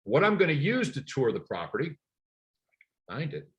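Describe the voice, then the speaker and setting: A middle-aged man teaches a class for real estate agents, coaching with energy and emphasis and sharing stories from his own work. His voice is fairly high-pitched at a moderate pace, and the audio's highs are cut off.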